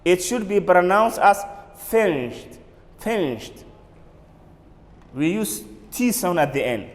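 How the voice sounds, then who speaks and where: A man teaching an English pronunciation lesson, drilling words slowly and repeating each one. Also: high-pitched, expressive, big-room sound. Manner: slow, drilling words with repetition. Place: classroom or studio for a TV lesson.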